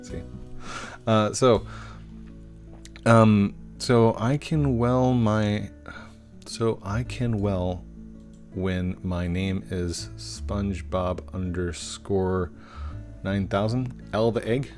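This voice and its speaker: Low-voiced man streamer answering chat. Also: fairly even intonation, very slow, long pauses, darkish tone. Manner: chatty and goofy, stumbles over usernames. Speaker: game streamer. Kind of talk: casual live-stream chat, reading viewer questions aloud. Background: faint guitar music.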